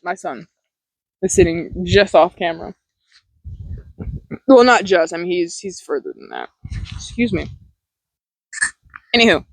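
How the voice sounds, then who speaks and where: A woman's voice: fairly low pitch, very animated, measured pace, gravelly, long pauses, slightly rough, no room sound, rough recording. A woman vlogging outdoors about setting boundaries, blunt and profane, rambling with restarts. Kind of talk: casual self-help vlog. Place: outdoors near a large tree. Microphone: phone or camera recording herself.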